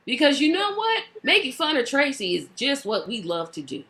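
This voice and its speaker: A woman chatting casually on a video call, animated and playfully indignant. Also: sits high, normal speed. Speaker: co-host.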